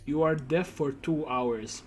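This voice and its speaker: A man's voice: on the high side, takes it slowly, faint music behind. A man narrating as game master in a casual, profane way, full of fillers.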